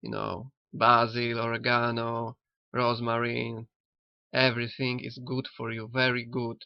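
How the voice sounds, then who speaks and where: A man who learned later in life talks slowly, halting and repeating himself. His voice is gravelly and the recording is dry and dull, as if taken close up with a cheap mic. He muses on a cartoon in a loose, spiritual way. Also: mid-range voice, monotone, dry recording. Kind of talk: rambling spiritual commentary on a cartoon. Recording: dull lo-fi sound.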